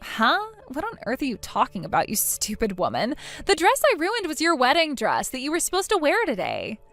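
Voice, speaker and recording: A woman's voice: sits high, wildly swooping pitch, a little fast, fairly bright tone, faint music behind, heavily acted. A woman voicing a spiteful, jealous young sister of the groom who mocks and whines in a voiced text-story drama. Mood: dismissive. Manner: mocking, whiny, petulant.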